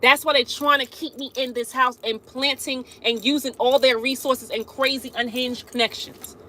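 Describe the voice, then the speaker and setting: A woman's high, bright voice in a casual live stream, chatting with her viewers. She laughs often and keeps turning to address them directly. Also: steady tone, normal speed, slight background noise.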